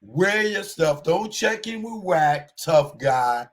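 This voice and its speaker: A man hosting a show, giving a casual commentary monologue in animated street talk and repeating his warnings. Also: a little high, takes it slowly. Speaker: show host.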